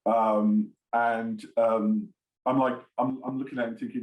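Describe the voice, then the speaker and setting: A man's voice: medium pitch, little pitch movement, unhurried, darkish tone. A man talking as an interview guest, circling his point with ums and laughing often. His voice carries a noticeable room echo. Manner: rambling, many fillers, laughs often. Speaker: screenwriter and producer guest. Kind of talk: casual interview chat.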